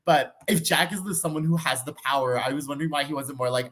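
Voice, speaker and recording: A man's voice: mid-range voice, a little fast, few pauses, a bit bright. A man guest on a live discussion show, chatty and giggling through his points. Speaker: guest panelist. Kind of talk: casual podcast chat.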